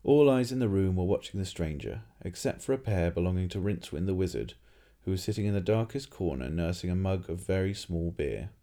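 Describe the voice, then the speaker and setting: A man narrates a story aloud in a steady way, sometimes restarting a phrase. His voice is deep and mellow. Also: fairly quick, few pauses. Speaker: reader.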